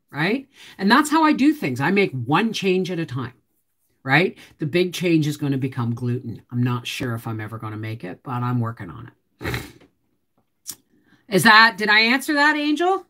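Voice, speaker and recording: A woman's voice: on the low side, very animated, normal speed, a bit bright. A woman hosting a live stream from home, chatting with viewers in a chatty, teasing way and answering their comments. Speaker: homestead channel host.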